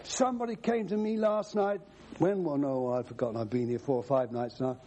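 A man's voice: medium pitch, fairly even intonation, brisk, mellow, slight background noise. A man preaching a sermon, emphatic, quoting scripture at length.

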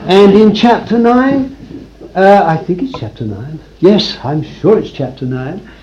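A man preaching a sermon to a congregation in a room, swinging from loud declarations to hushed asides. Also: high-pitched, lively intonation, slow, dull audio, noisy background.

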